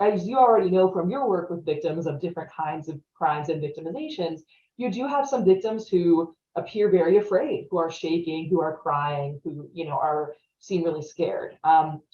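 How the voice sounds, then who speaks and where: A woman's voice: fairly low pitch, lively intonation, moderate pace, dark tone. A woman presenting a training webinar in a conversational way, often checking in with "right?". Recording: roomy, distant, dull-sounding audio.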